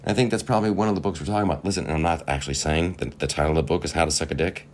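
A man's voice: rumbling low, steady tone, very fast, a little hiss or hum. A man hosting a podcast, delivering a profane, sarcastic comedic rant with laughing asides. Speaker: podcast host. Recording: faint guitar music behind.

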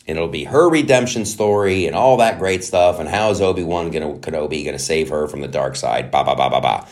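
Man, podcast host, comedic rant, low voice, very lively pitch, mocking. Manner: animated, mocking, does quick character voices. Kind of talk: comedic show recap rant.

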